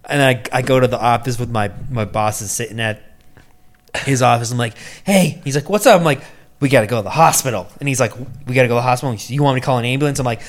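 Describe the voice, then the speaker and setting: A young man telling a story in a loose, casual chat. He swears freely and acts out every quoted person, jumping into high, pained cries when he plays himself hurt. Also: fairly even intonation, very fast.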